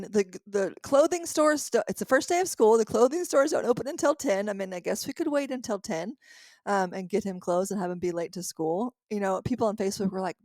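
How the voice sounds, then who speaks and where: An animated woman in her thirties tells a story on her podcast, laughing often and acting out what she said back then. Her voice sits at a middle pitch. The sound is dry and close, with no room around it. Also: no room sound. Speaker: podcast host and coach. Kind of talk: casual storytelling monologue.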